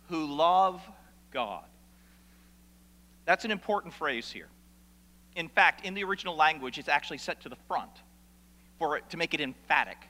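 A man preaching a sermon as pastor, animated, asking rhetorical questions and swinging between loud and hushed. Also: sits high. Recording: long reverb of a large hall.

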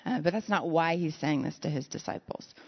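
A woman's voice: sits low, fairly quick, vocal fry. A woman preaching a conversational sermon, telling stories with self-deprecating asides. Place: church sanctuary. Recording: lo-fi sound in a reverberant hall.

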